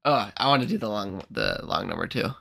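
A man co-hosting a podcast, chatting in relaxed, joking banter. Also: fairly low pitch, brisk, creaky, no echo, clean studio sound. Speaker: podcast co-host. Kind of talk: casual chat.

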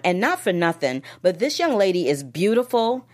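Emphatic woman film critic host, low-pitched. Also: moderate pace, hardly any pauses. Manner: emphatic, animated, talks straight to the audience. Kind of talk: casual chat, sign-off to viewers.

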